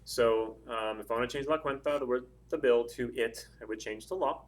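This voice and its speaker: A man teaching a language lesson, explaining step by step with patient pauses and frequent ums. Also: mid-range voice. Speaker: Spanish teacher.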